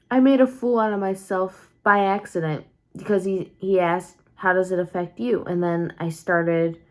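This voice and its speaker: A tired young woman vlogging casually from home at night, rambling candidly with many fillers and restarts. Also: low-pitched. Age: young adult. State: tired and sleepy. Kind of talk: casual confessional vlog.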